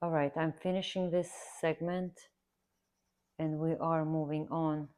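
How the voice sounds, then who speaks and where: Low-voiced woman chatting while she draws. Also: flat delivery, unhurried, mellow. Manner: rambling, earnest, repeats herself for emphasis. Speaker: art instructor. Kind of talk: casual chatty tutorial while drawing.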